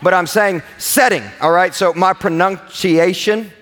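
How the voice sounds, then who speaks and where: High-voiced Kentucky preacher in a big hall. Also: male voice, a bit bright. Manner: preaching with drawn-out emphasis and call-and-response. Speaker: pastor. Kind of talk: sermon. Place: large church auditorium with mezzanine.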